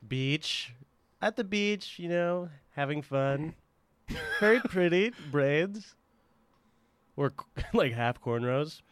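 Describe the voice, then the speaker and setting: A man's voice: a little high, animated, clean tone, no room sound. A man on a podcast, laughing a lot and reacting with crude jokes in casual banter. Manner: giggly, crude, quick reactions. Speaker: podcast co-host.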